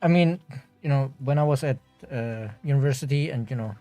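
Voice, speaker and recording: A man with a mid-pitched voice tells an anecdote on a livestream, stumbling over repeated words as he goes. Faint music sits behind him. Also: brisk, warm tone. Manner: hesitant, repeats words, storytelling. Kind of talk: casual anecdote telling.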